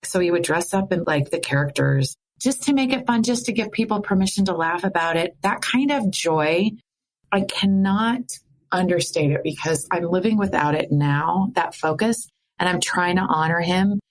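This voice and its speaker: A middle-aged woman from the American Midwest, candidly telling a personal story of grief, animated and laughing through sadness. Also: on the low side, moderate pace. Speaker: podcast guest.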